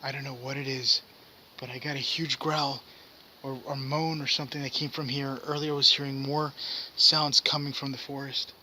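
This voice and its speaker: A man's voice: mid-range voice, little pitch movement, normal speed, bright, forceful tone, slight background noise. A man exploring a forest at night with a camera, talking tensely and often in a whisper. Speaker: paranormal investigator.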